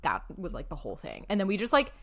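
A young woman co-hosting a casual podcast, her voice sitting a touch low for a woman. She spins her story in an easy, chatty way and breaks into laughter often. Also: wildly swooping pitch, fast talker, a bit bright. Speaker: podcast co-host. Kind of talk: casual chat.

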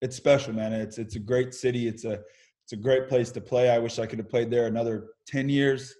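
With a medium-pitched voice and a fairly quick delivery, a young American man recounts his pro baseball career openly. He's a podcast guest on a casual video-call interview, telling stories with energy, keeping it informal, and cursing lightly.

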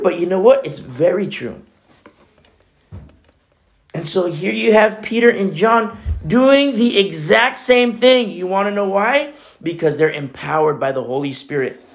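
Male pastor, conversational sermon, earnest and chatty, moves between hushed and emphatic delivery. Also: sits high. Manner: earnest, chatty, frequent "you know" asides.

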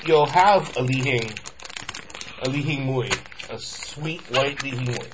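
A man's voice: mid-range voice, a little slow. A man hosting a casual snack-tasting chat with friends, rambling and laughing easily. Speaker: host. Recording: lo-fi with steady noise.

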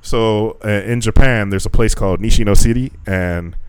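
A man co-hosting a casual podcast chat, telling animated teaching stories, swearing freely and acting out quotes. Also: lowish voice, moderate pace, clean tone, no echo.

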